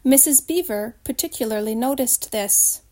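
A woman reading a children's storybook aloud in a steady, expressive way. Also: on the high side, moderate pace.

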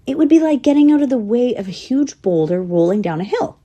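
Storybook squirrel girl, matter-of-fact and thoughtful, mellow husky voice, read by a woman. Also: a little high, animated, brisk, voice pushed up. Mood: earnest. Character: young female squirrel, wistful storyteller.

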